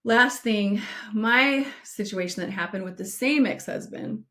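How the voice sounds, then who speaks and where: Middle-aged woman, podcast co-host, earnest and direct, slows down to stress key points. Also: medium pitch, sharp tone. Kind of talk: advice podcast with personal storytelling.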